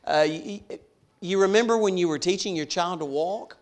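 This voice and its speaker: A man preaching a sermon, swinging from hushed to loud and slowing down on key words. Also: sits high, lively intonation. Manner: dramatic swings from soft to loud, slows for emphasis.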